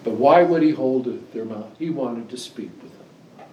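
A man preaching a sermon, telling stories and reading scripture with animated, emphatic delivery. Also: a little slow, dull audio, slight background noise. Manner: animated storyteller, rising to high emphatic pitch on scripture. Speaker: pastor. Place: church. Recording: echoey room, distant mic, faint ambience.

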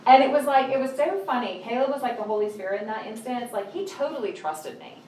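A woman's voice: on the high side, fast talker, slight background noise. A middle-aged woman preaching a sermon in a conversational way, telling personal stories and acting out scenes. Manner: conversational and animated, acting out scenes with sudden raised voices. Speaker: speaker at a church or ministry talk. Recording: roomy, distant mic with faint ambience.

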